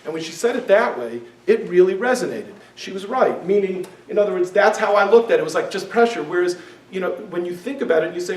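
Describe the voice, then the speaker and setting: High-voiced man teaching in an echoey hall. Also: lively intonation, quick pace. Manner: conversational, keeps checking in with listeners. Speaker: class teacher. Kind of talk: casual lecture to a class. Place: synagogue hall. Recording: echoey room, mic far off.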